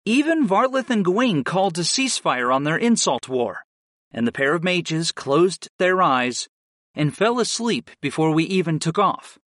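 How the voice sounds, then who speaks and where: A man narrating a first-person fantasy audiobook with an expressive, varied delivery. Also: fairly high pitch, moderate pace, no room sound, studio quality.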